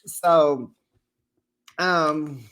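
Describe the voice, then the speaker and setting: A reality TV recap host giving casual, sassy commentary, chatty and quick to laugh. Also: medium pitch, a bit bright. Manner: chatty and sassy, with frequent laughs and acted-out quotes.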